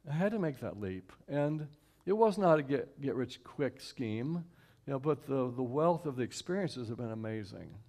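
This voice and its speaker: A man from Houston gives an inspirational talk to a church audience in a middle-pitched voice. He speaks conversationally, slowing down to repeat key lines and asking the audience to say them along with him. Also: big pitch swings, darkish tone. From Houston, Texas. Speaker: guest speaker and singer at a church service. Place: church sanctuary, live stream.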